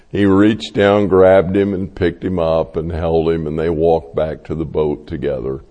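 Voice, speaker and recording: Slow-preaching man in a reverberant hall. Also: sits low, fairly even intonation, mellow, highs cut off. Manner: slow, storytelling delivery acting out quoted voices. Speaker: pastor. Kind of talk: sermon.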